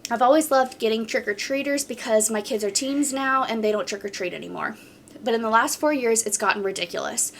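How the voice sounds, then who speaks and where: A woman's voice: a little high, slight background noise. A woman hosting a podcast in casual chat, reading posts aloud and reacting bluntly.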